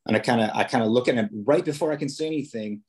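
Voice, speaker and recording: Speaking rapid-fire in a husky, darkish mid-range voice, a male police officer swaps stories as a podcast guest. His casual interview talk is full of fillers and false starts.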